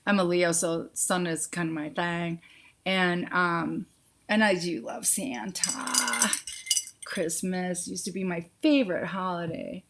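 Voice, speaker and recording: A woman hosting a casual live psychic Q&A, reading viewers' questions aloud and answering them with quick intuitive yes-or-no readings, calling viewers sweetie and honey. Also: fairly low pitch, fairly bright tone, a little hiss or hum. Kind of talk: casual live-stream chat.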